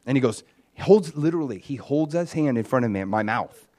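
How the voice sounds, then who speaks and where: A man giving a spoken testimony from the pulpit, casual and storytelling in tone. His voice sits in a middle range for a man. He moves between soft, hushed passages and bright, raised bursts of enthusiasm. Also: mid-range voice, fairly quick. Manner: storytelling, swings from hushed near-whisper to loud and excited. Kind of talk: testimony sermon.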